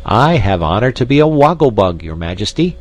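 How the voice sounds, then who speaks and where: A man voicing a proud, highly educated giant male insect in a storybook reading, speaking in a pompous, wordy way. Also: moderate pace, close to an everyday voice. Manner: proud, pompous, long words.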